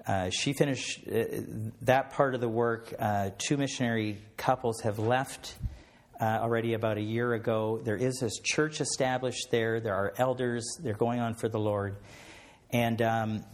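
A man's voice: mid-range voice, steady tone, moderate pace. A middle-aged man, a missionary pilot, tells a church about his mission work and then leads a closing prayer, hesitating often with fillers and restarts.

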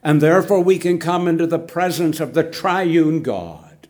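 An older man preaching a sermon, swinging from loud emphasis down to hushed, near-whispered words. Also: fairly high pitch, normal speed.

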